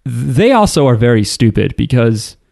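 A man's voice: mid-range voice, very animated, moderate pace, vocal fry, darkish tone, no room sound, clean studio sound. A man co-hosting a casual podcast, recapping an anime with crude jokes and acted-out quotes. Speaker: podcast co-host.

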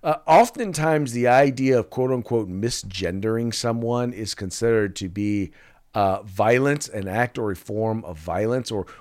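A man's voice: lowish voice, a little slow. A man co-hosting a casual political podcast, reading out sponsor spots and describing memes with acted-out quotes. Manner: animated, acts out quoted voices. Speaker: podcast co-host.

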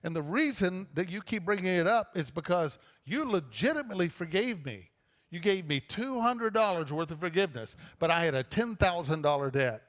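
A man's voice: sits high, animated, normal speed, fairly bright tone. A man preaching a sermon as pastor, talking in a loose, conversational way with frequent restarts. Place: church auditorium. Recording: long reverb of a church auditorium.

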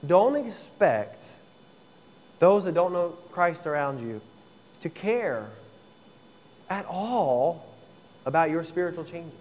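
A man's voice: on the high side, big pitch swings, slow, long pauses, a little mellow, long reverb tail, low-quality recording. A man preaching a sermon, earnestly explaining scripture and acting out everyday conversations. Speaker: pastor.

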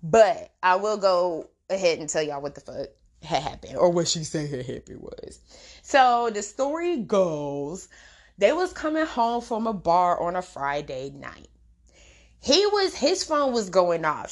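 A woman's voice: on the low side, sing-song, unhurried. A young adult woman hosting a podcast, giving a blunt, profane, slang-heavy commentary monologue. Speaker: podcast host.

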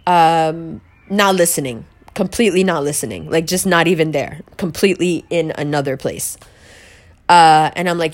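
A woman with a somewhat low-pitched voice tells a personal story in a candid, conversational way. She fills her talk with "like" and acts out what she said back then. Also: moderate pace. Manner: chatty, peppered with "like", quoting herself.

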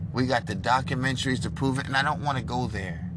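A man sits in a car giving a fervent, sermonizing monologue, alternating loud bursts with quiet, hushed lines. He talks at a quick pace over heavy background noise.

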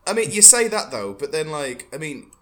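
A man's voice: fairly high pitch, big pitch swings, normal speed, a bit bright. Swearing man ranting. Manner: ranting, swearing, laughing often. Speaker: podcast co-host. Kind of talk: crude casual banter.

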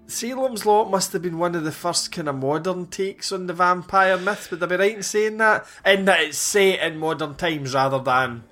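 A man's voice: sits high, moderate pace, hardly any pauses, bright, forceful tone, faint music behind. A man, casually recapping a film with wry, sweary asides. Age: 40s. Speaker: podcast host. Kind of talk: casual chat.

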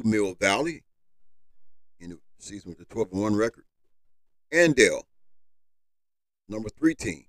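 A man hosts his own sports podcast in a slightly low voice, recorded close and dry with no room sound. He reads rankings with a lift on each number and slips into easygoing, colloquial remarks to his listeners. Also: no echo, low-quality recording. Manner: reads list with rising emphasis, casual asides; loose colloquial talk to listeners. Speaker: podcast host.

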